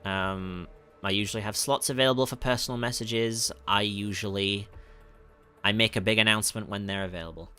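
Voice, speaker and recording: A Northern English-accented man from the north of England, working as a music producer, reads chat questions on a livestream Q&A. His low-leaning voice is steady and fairly quick, pushed and bright with a clean tone. He laughs often and keeps correcting himself, using lots of ums.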